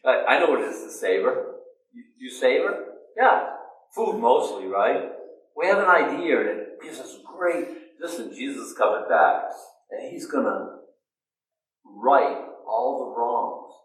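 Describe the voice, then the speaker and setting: A man preaching a sermon at a middle pitch, telling the story in a lively way and acting out its people with sudden jumps up in pitch. He is picked up from some distance, and his voice rings around a roomy, echoing hall. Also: unhurried. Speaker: pastor. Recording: echoey room, distant mic.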